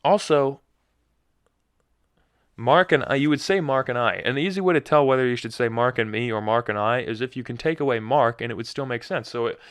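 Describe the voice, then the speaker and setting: A man's voice: medium pitch, brisk, fairly bright tone, smooth, dry recording, clean studio sound. A young man hosting a solo podcast, telling a rambling, self-mocking story full of tangents. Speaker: podcast host. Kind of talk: casual solo chat.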